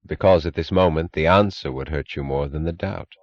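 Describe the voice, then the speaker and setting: A man reading the lines of a guarded, aloof wealthy man who speaks low and terse, recorded with a dull, dry sound. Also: fairly quick. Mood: cryptic.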